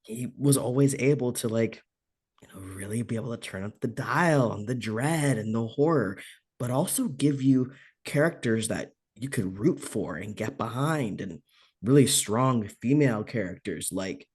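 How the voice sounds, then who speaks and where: A man's voice: mid-range voice, moderate pace, darkish tone, husky. A man in a casual horror podcast chat, talking thoughtfully with loose filler words.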